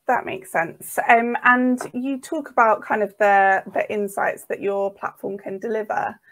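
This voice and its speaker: A woman's voice: mid-range voice, level tone, unhurried, low-quality recording. A woman hosting a business interview over a video call, asking questions in a friendly way with some fillers. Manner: friendly, with fillers and "mm" listening sounds. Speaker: host, editor.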